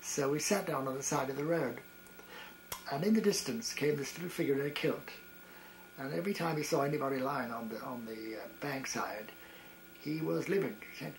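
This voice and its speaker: An elderly man in his eighties tells stories from his days as a variety performer. He stops and restarts often, chuckling at his own tales, and his voice sits at a middling pitch. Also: a little hiss or hum, poor audio. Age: 80s. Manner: halting, with many restarts and chuckles. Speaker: retired variety performer recalling wartime. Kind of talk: reminiscing storytelling.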